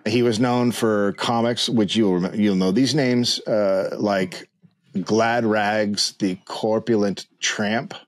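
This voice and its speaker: A man hosting a comedy podcast, narrating a history story in a dry, deadpan way. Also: fairly low pitch, takes it slowly.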